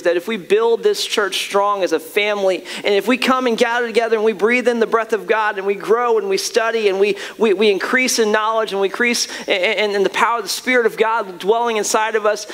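A man with a strikingly high voice preaches to his congregation. He is earnest and emphatic, circling back and restarting phrases as he drives each point home. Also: a bit bright. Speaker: pastor. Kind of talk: sermon.

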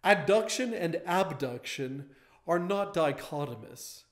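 A man's voice: a little high, lively intonation, takes it slowly. A man teaching a vocal lesson, explaining step by step as he points to a diagram.

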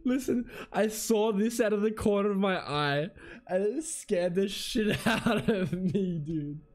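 A man's voice: sits high, lively intonation, unhurried. Jumpy, foul-mouthed man playing a horror game. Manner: swearing constantly, panicked yelps and nervous laughs. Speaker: gamer.

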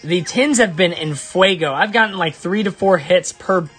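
A man chatting casually on a live stream while opening trading cards, excitable and prone to high exasperated yelps. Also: moderate pace, breathy edge, faint music behind. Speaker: live-stream card opener.

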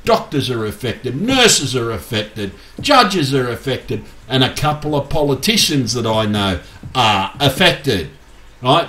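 A man's voice: mid-range voice, a bit bright. A man angrily ranting to his viewers, swearing constantly and agitated. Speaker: YouTuber. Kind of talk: angry rant to camera. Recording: echoey room.

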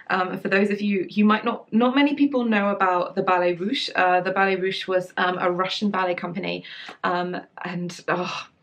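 Gushing woman with gravelly edges. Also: medium pitch. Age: young adult. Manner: gushing, enthusiastic, many fillers and restarts. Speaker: sewing channel host. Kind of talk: casual chat.

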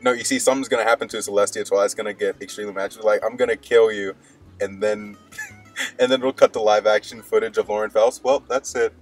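A man's voice: fairly low pitch, fairly even intonation, fast talker, soft background music, low-quality recording. A young man co-hosting a podcast, rambling through stories casually, laughing often and acting out quoted lines. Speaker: podcast co-host. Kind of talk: casual chat.

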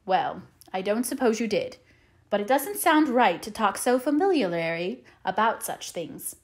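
A woman's voice: medium pitch, big pitch swings. Marilla, a woman reading as a stern older guardian. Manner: brisk, clipped, scolding. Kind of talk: audiobook character reading.

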